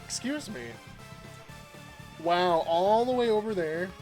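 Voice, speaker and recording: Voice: mid-range voice, slow pace, a little mellow, faint music behind. A game streamer chatting casually and rambling through a story, laughing often and greeting viewers by name. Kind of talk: casual livestream chat while gaming.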